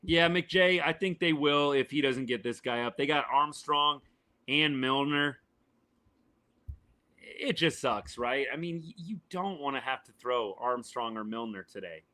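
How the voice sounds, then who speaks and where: Hoarse man reacting to a game live. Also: medium pitch, a little slow, bright, forceful tone. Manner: chatty, answers chat viewers by name, says y'all. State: voice worn and failing, a little quieter than usual. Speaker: podcast host doing live game reaction. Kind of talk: casual live sports reaction and commentary.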